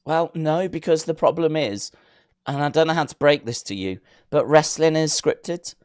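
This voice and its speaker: A man's voice: fairly high pitch, moderate pace, smooth, no echo, clean studio sound. A man hosting a wrestling podcast, interviewing a guest in casual, teasing banter. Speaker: podcast host.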